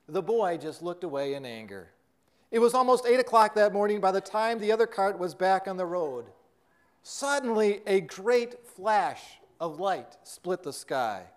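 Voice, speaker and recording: A preacher with a fairly high voice for a man tells a parable-style story and then preaches from scripture. He speaks earnestly and steadily, addressing a congregation. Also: lively intonation, unhurried. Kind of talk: sermon with story narration.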